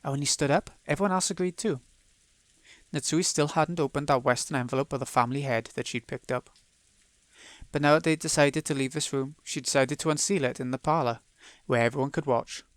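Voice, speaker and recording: A man reading the narration of a visual novel aloud as a let's play, in a steady storytelling read. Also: a little high, brisk, no room sound.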